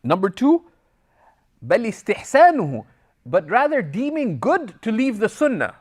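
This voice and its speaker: A man's voice: high voice, normal speed. A man teaching a religious class, reading Arabic passages and explaining them in English, with personal stories. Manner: lively, switches between Arabic text and English explanation; tells anecdotes, acting out dialogue in passing. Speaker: Islamic teacher. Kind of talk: recorded class lecture.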